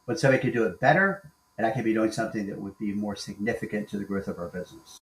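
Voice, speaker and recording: Man, 60s, deep-ish coach voice, roomy echo, emphatic list-maker. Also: very fast. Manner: emphatic, enumerates points. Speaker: guest executive coach. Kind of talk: conversational interview storytelling.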